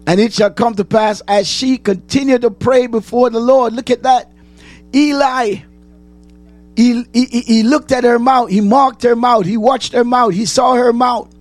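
A man preaching a sermon, asking the congregation questions and answering them, repeating phrases and rising to shouts. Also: very high voice, fairly even intonation, a little slow, faint music behind.

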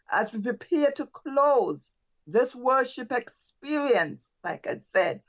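A woman's voice: mid-range voice, lo-fi sound. A woman leading the close of a church service, fervently exhorting the congregation and repeating praise phrases between lines. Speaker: worship leader closing a church service. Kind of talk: closing prayer and exhortation.

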